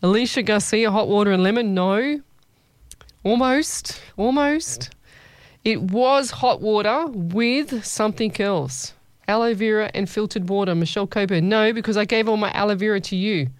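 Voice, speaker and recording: A woman's voice: mid-range voice, normal speed, hardly any pauses, clean tone, dry recording. A woman hosting a radio show, chatting playfully with listeners and calling them lovey. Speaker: radio host. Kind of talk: casual chat reading listener messages.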